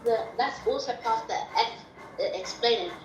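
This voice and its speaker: Hesitant student on an echoey call. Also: female voice, a little high, lo-fi sound. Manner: hesitant, halting, giggly. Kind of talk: reading and explaining her poem in class. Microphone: video call. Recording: echoey room, background noise.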